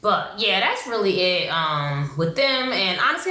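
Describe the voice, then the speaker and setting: Animated blunt woman vlogging in an echoey room. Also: mid-range voice, measured pace. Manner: animated, blunt and opinionated, slangy. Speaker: YouTube reality-TV reviewer. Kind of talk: casual vlog commentary.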